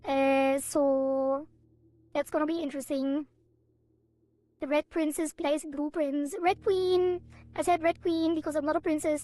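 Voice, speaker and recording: Woman, high voice, rambling, giggly, playful sound effects, casual stream chat. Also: mellow, dry recording.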